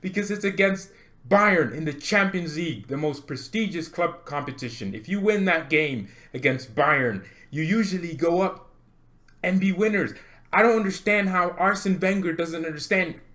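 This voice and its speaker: A man hosting a football fan channel, ranting excitedly to camera with jokes, laughs and repeated words for emphasis. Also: a little high, normal speed. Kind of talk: animated fan rant to camera.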